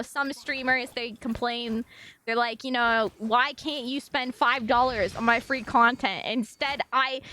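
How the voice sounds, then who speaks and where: A woman's voice: a little high, bright, forceful tone, slight background noise. A young woman streaming live, chatting casually with her viewers in a giggly, rambling, apologetic way.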